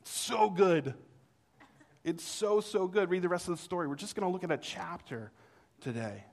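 A middle-aged man preaching a sermon, telling a childhood story with animated delivery and acting out the voices in it. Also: high-pitched, moderate pace, vocal fry. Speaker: pastor.

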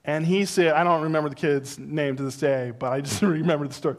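A middle-aged man preaching a sermon, telling stories with animated, loud peaks and teaching in a slow, soft, earnest way. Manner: animated storytelling that builds to loud, high exclamations. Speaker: pastor.

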